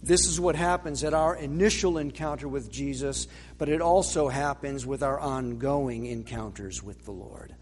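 A man preaching a sermon as a pastor, emphatic, slowing down to stress words and dropping low and soft at the end of key lines. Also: long reverb tail, a little hiss or hum.

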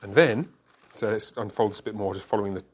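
A man's voice: fairly low pitch, quick pace. A man leading a Bible study group. He asks the group questions and explains each point step by step, using everyday examples.

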